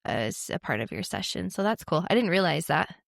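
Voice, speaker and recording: A woman hosting a podcast interview, supportive and chatty, giving lots of soft murmurs of agreement. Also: lowish voice, very animated, brisk, vocal fry, dry recording, studio quality. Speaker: podcast host. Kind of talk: casual interview chat.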